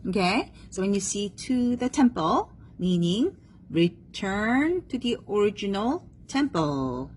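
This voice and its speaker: A woman's voice: medium pitch, very animated, takes it slowly, darkish tone, slight background noise, rough recording. A woman teaching a one-on-one music theory lesson, patient and checking understanding often, having the student repeat terms after her.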